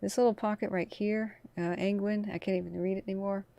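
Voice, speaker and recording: Gravelly-voiced woman hosting a livestream. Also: medium pitch, fairly even intonation, a little fast. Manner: chatty, talks through radio traffic. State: tired from little sleep. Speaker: wildfire livestream host. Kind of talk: casual live commentary.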